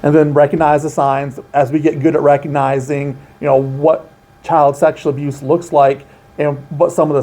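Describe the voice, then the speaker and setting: A man's voice: fairly high pitch, vocal fry, warm tone. Earnest man explaining a training program. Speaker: outreach coordinator at a children's center. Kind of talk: informational interview.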